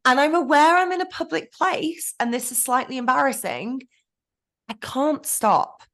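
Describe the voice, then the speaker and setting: A woman, a podcast guest, frankly telling her personal story in an animated way. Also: high-pitched, normal speed. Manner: frank, animated storytelling with self-talk asides. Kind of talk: candid storytelling interview.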